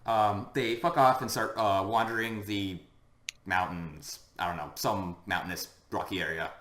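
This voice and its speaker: A man's voice: on the low side, fairly even intonation, moderate pace, a bit bright. Laid-back man in an echoey room. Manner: rambling, laid-back, lots of fillers. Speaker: podcast co-host. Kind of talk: casual chat recapping an anime episode. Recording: roomy echo.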